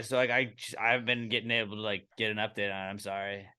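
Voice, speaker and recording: A man's voice: on the low side, flat delivery, very fast, pushed and bright, clean tone. A man co-hosting a casual podcast, chiming in with joking, mocking remarks. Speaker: podcast co-host.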